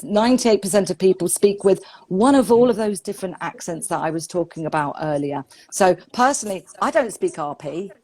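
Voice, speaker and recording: A woman's voice: on the low side, brisk, few pauses. A woman from the UK with a southern English accent, an English teacher talking casually and expressively in a live-stream conversation. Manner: chatty, expressive, laughs often.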